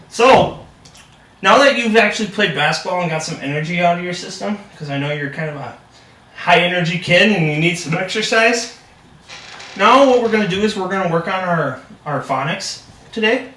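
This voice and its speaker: A young man acts as a reading tutor, upbeat and full of praise. His voice is high and bright. The sound is roomy and captured from a distance. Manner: upbeat and encouraging, heavy praise. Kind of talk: practice lesson role-play. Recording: echoey room, distant mic.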